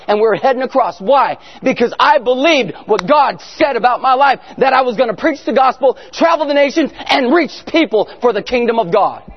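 A middle-aged man preaching a sermon, telling family stories with animated bursts of shouting. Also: very high-pitched. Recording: muffled sound in a reverberant hall.

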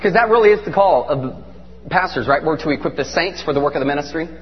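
A middle-aged man with a rather high voice preaches a sermon, telling stories in an animated, emphatic way. The recording is dull and lo-fi, with a long hall reverb and a faint hum underneath. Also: quick pace.

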